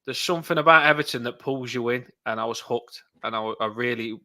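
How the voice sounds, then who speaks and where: Bright-voiced enthusiastic Englishman. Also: medium pitch, a little fast. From England. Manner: earnest, enthusiastic about his club. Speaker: guest, football fan. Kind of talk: casual conversation.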